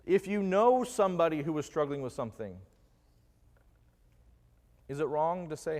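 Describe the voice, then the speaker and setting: A man's voice: a little high, animated, normal speed, long pauses, a little mellow. Man preaching in a reverberant church. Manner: jokey, quizzes the congregation with questions. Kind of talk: conversational sermon. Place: church sanctuary. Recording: long reverb of a church hall.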